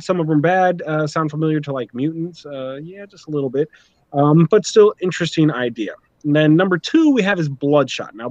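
Man, podcast host, casual chat, opinionated, fairly high voice, dull dry recording. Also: no room sound. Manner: talkative, reads notes, opinionated.

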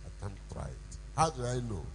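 A male pastor preaching a sermon with call-and-response questions, rising to shouts. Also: medium pitch, very animated, fairly quick, creaky, slight background noise, rough recording. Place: church.

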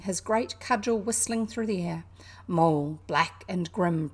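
A woman from New Zealand with a New Zealand accent, reading a classic children's novel aloud in an unhurried, expressive way. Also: medium pitch. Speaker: reader.

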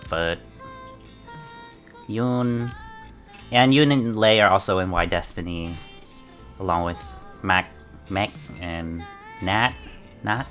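A man reacting to a trailer as an excited fan, muttering asides and breaking into dramatic outbursts. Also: low voice. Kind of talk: casual reaction commentary.

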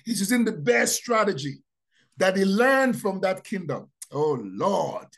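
A man preaching a sermon, repeating key phrases and asking rhetorical questions, dropping to quiet asides then rising to loud proclamations. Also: big pitch swings, unhurried, creaky. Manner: dramatic, swings from low asides to loud proclamations.

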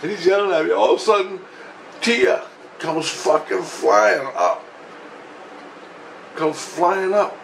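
A man telling a rambling, profane story in a casual vlog, getting excitable as he goes. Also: sits high, slow, creaky, pauses often, slight background noise, rough recording. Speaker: vlogger.

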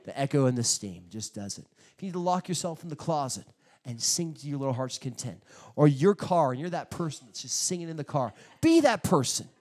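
A male pastor preaching a sermon, telling stories in an animated way, acting out quotes and bursting out loudly at times. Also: fairly high pitch, fairly quick. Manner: animated storytelling with sudden loud bursts; acts out quotes in his stories.

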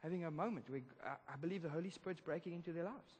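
A man preaching a sermon, telling a story in a lively, casual way with slang. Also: a little high, racing, slightly rough. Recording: reverberant church hall.

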